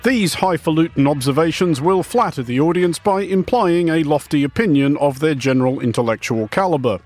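A man's voice: on the high side, expressive, brisk, darkish tone, soft background music. A man hosting a radio news show, reading scripted satirical commentary in a dry, ornate, mock-pompous manner.

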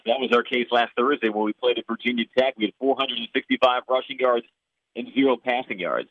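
A man's voice: mid-range voice, no echo. A Chicago-accented man who calls games for a living talks through an interview with an earnest, storytelling flow. His voice comes through narrow and phone-like, dry with no room around it. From Chicago area. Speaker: play-by-play broadcaster. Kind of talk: podcast interview answers. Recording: tinny phone line.

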